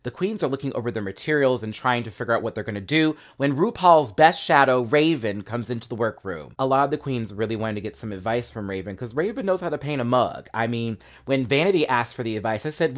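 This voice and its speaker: Sassy man recapping a reality show. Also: mid-range voice. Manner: sassy, animated, quick asides and laughs. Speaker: show reviewer. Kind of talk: casual recap commentary.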